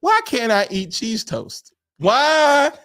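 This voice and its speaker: A man co-hosting a podcast, telling a story in casual chat, animated, acting out quotes and laughing often. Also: extremely high pitch, takes it slowly. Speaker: podcast co-host.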